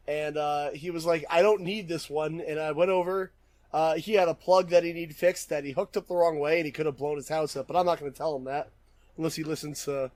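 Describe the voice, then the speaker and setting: A man's voice: fairly high pitch, darkish tone. A man hosting a podcast, trading profane, jokey insults with his co-host in casual banter. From Connecticut. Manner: profane, jokey, quick comebacks.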